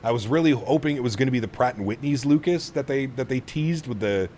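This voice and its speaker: A man's voice: mid-range voice, quick pace, a little mellow, slight background noise. A man streaming a flight simulator, chatting casually with his viewers and cooing at his dog. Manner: chatty, reads chat aloud, coos at his dog. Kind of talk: casual live-stream chat.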